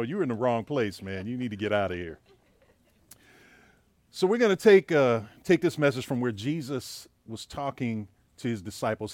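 Animated preaching man, dry sound. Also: medium pitch, no room sound. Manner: storytelling, conversational preaching with a joke. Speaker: pastor. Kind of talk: sermon. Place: church.

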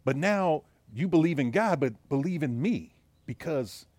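A man's voice: a little high, expressive, unhurried, a little mellow, dry recording. A man preaching as a pastor, telling a joke story in a casual storytelling way before moving into the sermon. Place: church.

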